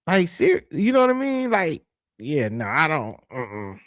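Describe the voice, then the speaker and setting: A young man, hosting a livestream and giving casual, opinionated commentary in a slangy, animated way that repeats points for emphasis. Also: on the high side, unhurried, no room sound, studio quality. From Southern United States. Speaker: livestream host reading super chats.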